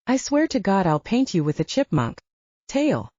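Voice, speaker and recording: A teasing young werewolf woman with a brisk, playful way of talking, as a woman reading the audiobook puts her on. Her tone is mellow and rises and falls freely. The recording sounds dull and lo-fi. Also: mid-range voice, sing-song, no echo.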